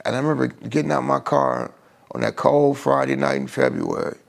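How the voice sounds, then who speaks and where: A middle-aged man with a deeply gravelly, creaky voice tells his own recovery story live. He speaks at a middling pitch and halts often, circling back and restarting his sentences as the feeling catches up with him. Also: fairly even intonation. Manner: halting, with many restarts and fillers. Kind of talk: emotional personal testimony on a live stream.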